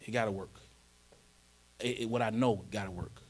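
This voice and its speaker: Informal preacher checking in with congregation. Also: male voice, fairly low pitch, fairly even intonation, moderate pace, husky. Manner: rises to emphatic, louder delivery when reading scripture. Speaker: pastor. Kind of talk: conversational sermon. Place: church.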